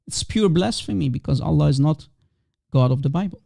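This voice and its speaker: A man's voice: on the high side, expressive, normal speed, vocal fry, warm tone, no echo, studio quality. A man whose first language is Aramaic hosts a live call-in stream, talking emphatically and repeating rhetorical questions to his audience.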